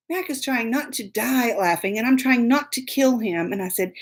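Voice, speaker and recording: A middle-aged woman telling a comic story, animated and dramatic, acting out the scenes. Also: on the high side, moderate pace, hardly any pauses. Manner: animated, dramatic, acts out scenes with whispers and sound effects. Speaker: storyteller host.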